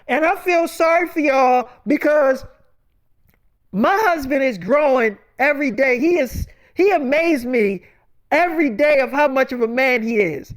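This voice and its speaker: A furious aunt unloads on her in-laws in a stream of profane, rapid-fire scolding, as a woman plays her. The voice sits high.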